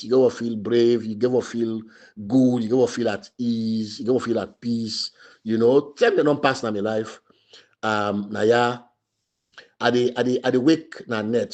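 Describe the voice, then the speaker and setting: A middle-aged man from Sierra Leone speaks in a Sierra Leonean Krio English accent, his voice sitting at an ordinary middle pitch. He delivers passionate radio commentary, hammering his points by repeating them. His stressed words ring out loud before he sinks back into low murmurs. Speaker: democracy activist commentator.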